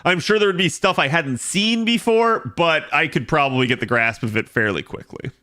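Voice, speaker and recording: A man's voice: on the high side, moderate pace, pushed and bright. A man casually chatting with his stream viewers, thinking aloud with lots of filler words. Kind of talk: casual live-stream chat.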